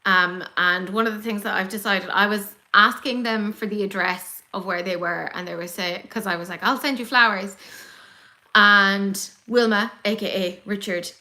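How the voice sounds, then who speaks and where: An Irish woman hosting a casual beauty livestream, chatty and excitable, gasping and swearing as she reads comments. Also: mid-range voice, normal speed. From Ireland. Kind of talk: casual chat reading live comments.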